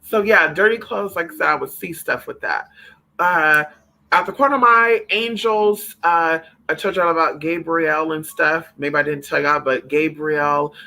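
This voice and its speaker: Man, casual livestream chat, sharp bright tone, somewhat high voice, cusses freely, calls everyone honey. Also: normal speed, creaky, poor audio. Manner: animated, profane, calls listeners honey and girl. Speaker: spiritual livestream host.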